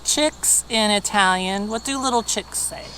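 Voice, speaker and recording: Slow, patient Korean woman. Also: mid-range voice, pushed and bright, slight background noise, poor audio. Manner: patient, explains and spells out words. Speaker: language student. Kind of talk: casual chat.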